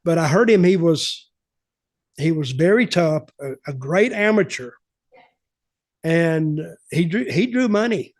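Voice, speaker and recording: An older male host telling stories in a blunt, rambling, conversational way. His voice sits a little high for a man. The sound is close and dry. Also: expressive, a little slow, no room sound. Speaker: podcast host. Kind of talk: casual storytelling.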